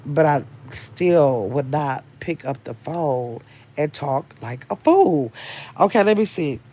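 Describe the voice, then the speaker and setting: A woman's voice: low-pitched, animated, takes it slowly, mellow. An older woman hosting a casual livestream, chatting and rambling as she reads viewers' comments aloud. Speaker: livestream host reading chat.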